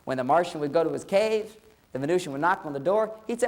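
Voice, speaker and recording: A man's voice: fairly high pitch, expressive, fast, darkish tone. Middle-aged guy doing a funny relationship talk, acts out the back-and-forth. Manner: playful, acts out dialogue. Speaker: relationship speaker. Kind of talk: humorous lecture.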